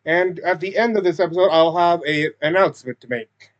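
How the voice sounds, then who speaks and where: A man's voice: fairly high pitch, steady tone, brisk. A man hosting a casual spoken recap, hesitant and full of fillers and restarts. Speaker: recap video host. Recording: dull lo-fi recording.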